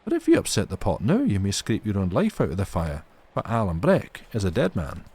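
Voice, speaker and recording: Brief: man doing a wily rogue, storybook reading, booming, feigns anger. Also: huge pitch swings, a little fast, heavily acted. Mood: urgent. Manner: gruff, loud, feigned fury. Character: fierce wily Scottish Highland outlaw man. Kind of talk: audiobook character voice.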